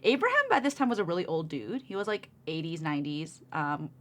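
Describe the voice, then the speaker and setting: Calm young woman co-host. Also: deep voice, brisk. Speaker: podcast co-host. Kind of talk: casual chat.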